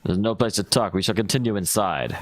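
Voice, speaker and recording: A man voicing a scheming, smooth-talking villain lord in a video game, reading his lines slowly and haughtily. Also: on the low side, no room sound, pitched below the performer's own voice, lightly acted. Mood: haughty. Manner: slow, haughty, deliberate. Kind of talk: reading game dialogue in voices.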